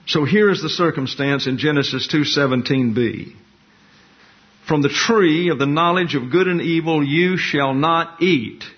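A man teaching a Bible lesson in a slow, deliberate, explanatory way, repeating key words for emphasis. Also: mid-range voice, breathy edge. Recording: dull lo-fi recording.

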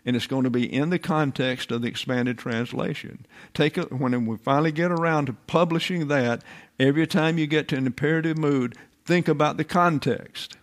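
An older man giving a classroom-style Bible sermon, deliberate and emphatic, repeating his key phrases. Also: on the high side. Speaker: Bible teacher.

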